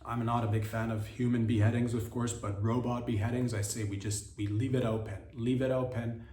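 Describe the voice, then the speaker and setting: A man's voice: medium pitch, flat delivery, a little fast, mellow, echoey room, far from the mic. A man hosting a comedy podcast, riffing in an absurd, rambling monologue and often correcting himself mid-sentence. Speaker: podcast host.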